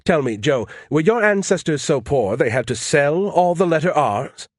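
A smug male alien AI with a mocking, condescending edge, as a narrator puts it on. The voice sits a touch higher than a regular speaking voice and sounds dry and close, with no room around it. It needles and talks down to everyone in a storybook telling. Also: animated, normal speed, no room sound. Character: arrogant snarky male alien AI.

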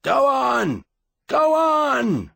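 A man voicing a frantic man who shouts urgent orders in the middle of a battle, in an audiobook. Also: extremely high pitch, huge pitch swings, very slow, vocal fry, no room sound, voice pushed up, heavily acted.

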